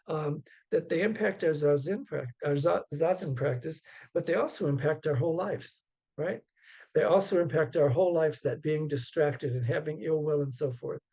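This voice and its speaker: A man, a Zen teacher, giving a dharma talk over a video call in a gentle, unhurried way, halting often with fillers. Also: fairly high pitch, breathy edge.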